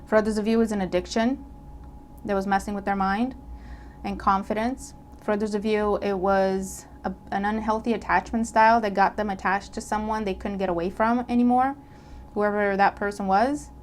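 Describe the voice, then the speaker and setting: A woman reads tarot cards for her audience in a casual, animated voice at a middle pitch. She checks in often and repeats her points. A faint hiss sits under her voice. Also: moderate pace. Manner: animated, acts out imagined dialogue; checks in with listener, repeats herself. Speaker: tarot reader. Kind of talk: casual tarot reading to camera.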